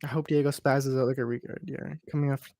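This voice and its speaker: A man's voice: mid-range voice, steady tone, fast talker, mellow, no room sound, clean studio sound. A man hosting a live watch party, riffing with crude, profane, mocking banter as casual reaction commentary.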